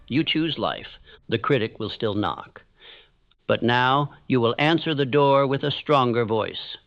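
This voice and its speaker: A man giving a scripted motivational speech, leading listeners through affirmations in a measured, earnest way. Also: medium pitch, fairly bright tone, no echo. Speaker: motivational speaker. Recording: dull lo-fi sound with faint music.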